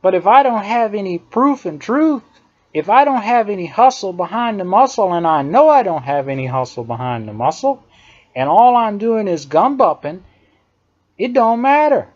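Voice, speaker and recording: High-voiced man in an indignant monologue. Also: sing-song, normal speed, a little mellow. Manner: emphatic and indignant, repeats phrases for effect. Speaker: political commentator. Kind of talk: opinion monologue. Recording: dull lo-fi recording.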